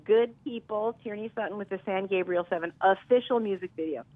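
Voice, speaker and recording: A woman from Milwaukee, a singer guesting on a radio interview, telling stories in a lively, chatty way. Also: medium pitch, fairly quick, no echo, narrow, tinny audio. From Milwaukee, US Midwest.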